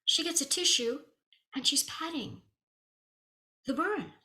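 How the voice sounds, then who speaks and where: Woman healer, crisp bright tone, animated storyteller, echoey room. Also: high voice, slow. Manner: animated, drops to whispers at intense moments; acts out quoted dialogue. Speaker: spiritual healer. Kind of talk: personal storytelling to camera.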